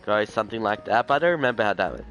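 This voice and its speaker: A man's voice: fairly low pitch, expressive, very fast, a bit bright. A young man live-streaming a game, chatting casually and rambling in slang, often tossing in "bro". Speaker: gaming streamer. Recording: faint music behind the voice.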